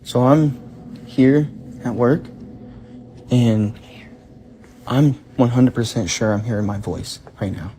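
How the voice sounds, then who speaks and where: On a handheld phone inside a small shop, a scared young night clerk records himself, cursing and addressing everyone as "bro." His medium-pitched voice is slow and dark-toned, broken by frequent pauses, with a faint hiss or hum in the background.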